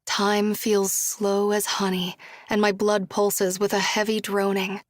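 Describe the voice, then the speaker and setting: A woman narrating a first-person audiobook in a soft, even voice, dropping to a hush for her own dialogue. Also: mid-range voice, takes it slowly, no echo, studio quality.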